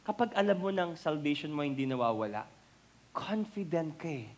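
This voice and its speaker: Filipino pastor preaching with rising emphasis. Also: male voice, fairly high pitch, big pitch swings, fairly quick. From Philippines. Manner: switches between English and Tagalog, builds to loud emphatic peaks on key words. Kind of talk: sermon.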